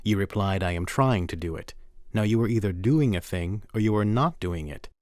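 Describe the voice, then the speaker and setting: A man giving a measured, earnest first-person reading from a memoir for a documentary. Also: on the low side, darkish tone, no room sound, studio quality.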